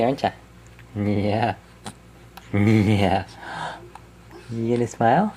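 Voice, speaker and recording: A woman's voice: very deep voice, dark tone. A woman talking baby talk to an infant while filming, cooing in a sing-song way and laughing often.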